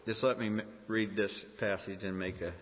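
A man's voice: fairly low pitch, steady tone, normal speed, slight background noise. A man pastor delivering a sermon, preaching emphatically and asking the congregation rhetorical questions. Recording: echoey hall, dull lo-fi sound.

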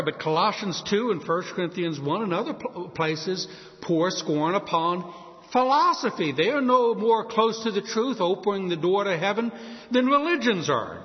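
A man preaching a sermon, emphatic, acting out back-and-forth exchanges with doubters. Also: high voice. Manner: emphatic, acts out quoted exchanges. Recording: dull lo-fi sound with long hall reverb.

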